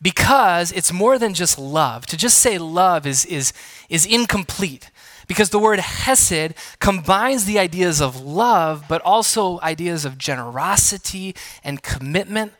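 A man's voice: high-pitched, expressive, unhurried, a bit bright, no room sound. A man preaching a sermon as a pastor, teaching playfully and asking the congregation to repeat words and join in. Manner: engaging teacher, asks congregation to respond; playful self-deprecating asides.

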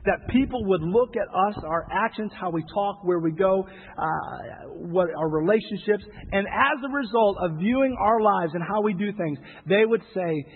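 A man's voice: high-pitched, moderate pace, hardly any pauses, breathy edge. A man preaching a sermon in a conversational, emphatic way, repeating phrases and acting out quoted voices. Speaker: pastor. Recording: tinny phone-like sound with long hall reverb.

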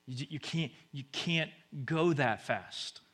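Bright-voiced preaching man, loud then hushed. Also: a little high, slow. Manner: swings from loud exhortation to hushed near-whisper; repeats short urgent phrases. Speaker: pastor. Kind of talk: sermon.

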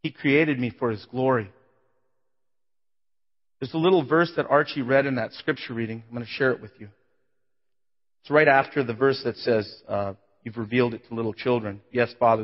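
A man preaching, telling his own story with emotion, his voice swelling loud and falling to a hush. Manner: emotional testimony, voice swelling then dropping low. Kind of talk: sermon. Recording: dull sound in a big reverberant hall.

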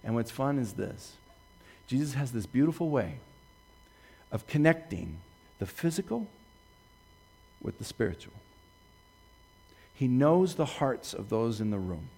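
A man preaching a sermon, retelling Bible stories with lively swings from hushed quoting to excited bursts. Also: mid-range voice, breathy edge. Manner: animated storytelling, jumping from hushed to excited; quotes scripture slowly and softly. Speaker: pastor.

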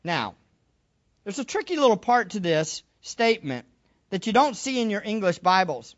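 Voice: medium pitch, very animated, moderate pace, highs cut off. A preacher giving a sermon in an emphatic way, repeating key phrases and asking the listeners rhetorical questions.

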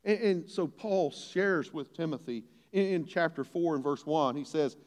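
A man's voice: a little high, moderate pace, few pauses. An older man preaching a sermon as a pastor, folksy and earnest, building to emphatic points. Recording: long hall reverb.

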